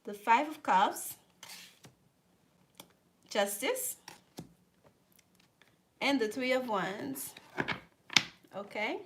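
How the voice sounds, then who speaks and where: A woman's voice: a little high, animated, extremely slow, long pauses. A woman giving a live tarot reading, chatting with viewers and often repeating herself. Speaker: tarot reader.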